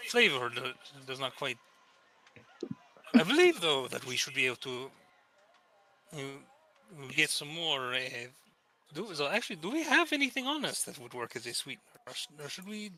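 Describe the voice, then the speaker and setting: A man playing in a tabletop game, speaking in character with formal, halting phrasing and many hesitations. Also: fairly high pitch, big pitch swings, sharp tone, poor audio. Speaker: player.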